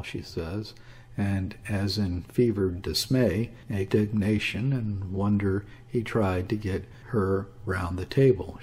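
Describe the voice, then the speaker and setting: A man reading a classic story aloud as an audiobook, in a measured, even storytelling manner. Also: on the low side, slightly rough. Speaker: audiobook reader. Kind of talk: scripted narration of a classic story.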